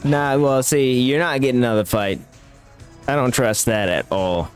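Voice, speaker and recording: A man's voice: medium pitch, moderate pace, soft background music. A man giving live gameplay commentary as a streamer, talking back at the game with profane, reactive trash talk.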